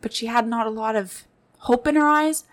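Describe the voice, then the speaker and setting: A woman's voice: fairly high pitch, normal speed. A woman in her late twenties hosting a podcast, sharing personal stories in an earnest, heartfelt monologue that speaks straight to her listeners. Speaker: podcast host.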